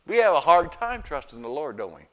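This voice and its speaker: A middle-aged pastor giving a folksy sermon, telling stories and asking rhetorical questions. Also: male voice, on the high side, sing-song, brisk, fairly bright tone.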